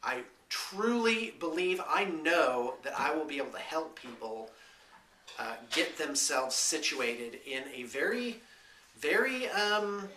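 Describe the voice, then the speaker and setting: A man's voice: on the high side, sing-song, slow, pushed and bright, roomy sound, recorded from a distance, slight background noise. A man giving a casual, rambling vlog update, full of hesitant fillers. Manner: chatty, hesitant with lots of fillers. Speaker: vlogger and small business owner.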